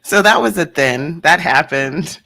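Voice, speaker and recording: A woman's voice: low voice, expressive, a little slow, sharp tone. A woman co-hosting a casual livestream, teasing and giggling. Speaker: livestream co-host.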